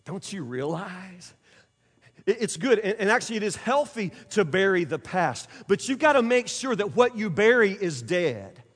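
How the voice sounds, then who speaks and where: Man preaching, very high voice, long church reverb, emphatic repeats. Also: very animated, moderate pace, husky. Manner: emphatic preaching, repeats phrases, sudden loud and soft turns. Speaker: pastor. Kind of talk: sermon.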